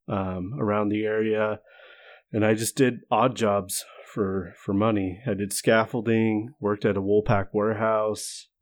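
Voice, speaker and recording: A young man from the United States, co-hosting a podcast in casual chat with a dry, joking manner. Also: lowish voice. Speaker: podcast co-host.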